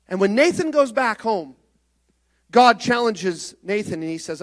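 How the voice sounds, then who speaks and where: A male pastor preaching a sermon, moving between soft, low passages and loud, rising exhortation. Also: lively intonation, a little slow.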